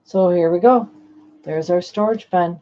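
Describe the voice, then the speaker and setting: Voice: mid-range voice, unhurried, warm tone. A person chatting casually on a home sewing live stream, rambling and often trailing off to restart a sentence. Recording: dull lo-fi live-stream audio.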